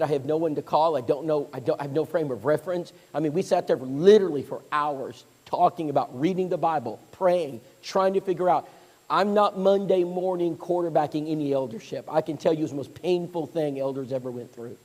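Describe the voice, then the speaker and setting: A man's voice: fairly high pitch, a little fast. A man preaching a sermon, telling stories and acting out the voices of people he quotes. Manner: animated storyteller, acts out quoted voices. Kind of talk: storytelling sermon. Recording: long hall reverb.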